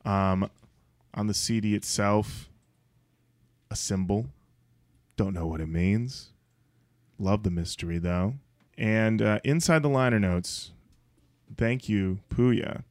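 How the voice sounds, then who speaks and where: A man co-hosting a music podcast, casually describing an album in a dry, deadpan way. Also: on the low side, takes it slowly, long pauses, no echo. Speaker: podcast co-host. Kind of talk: casual chat.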